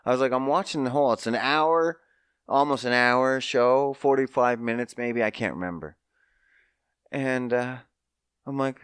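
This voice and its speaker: A man hosting a casual podcast, telling a story with mocking high-pitched asides and swearing. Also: lively intonation, moderate pace, long pauses, clear, resonant tone, no echo, studio quality. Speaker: podcast host.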